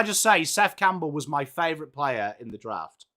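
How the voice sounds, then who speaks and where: Excitable streamer, bright voice. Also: male voice, a little high, moderate pace. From England. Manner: chatty, excitable, greets viewers by name. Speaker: live-stream watchalong host. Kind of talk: live sports reaction and chat.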